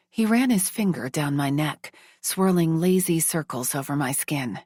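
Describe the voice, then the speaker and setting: A woman narrating a first-person romance audiobook in a slow, hushed, measured reading. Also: low voice, expressive, slightly rough, no echo, studio quality.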